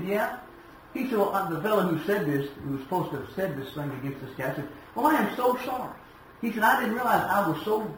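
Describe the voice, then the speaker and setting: A man preaching a sermon in a folksy storytelling way, swinging between shouted emphasis and quiet asides. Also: high-pitched, a little hiss or hum. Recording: echoey room from a distance.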